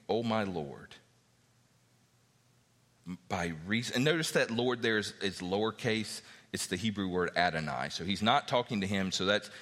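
Guy preaching a sermon, lowish bright voice, acts out the bible people, lots of hall echo. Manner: animated, acts out biblical characters' speech. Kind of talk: sermon teaching from scripture.

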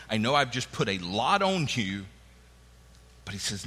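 A man's voice: lowish voice, big pitch swings, normal speed, long pauses, bright, forceful tone, slightly rough, in a large hall. A man preaching a sermon in a conversational way, acting out the quoted lines of the people in his stories. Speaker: pastor.

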